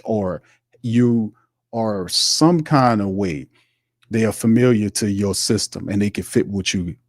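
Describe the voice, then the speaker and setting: Heated sports talk host. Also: male voice, lowish voice, darkish tone, no echo, clean studio sound. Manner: heated, repetitive ranting. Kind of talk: sports commentary.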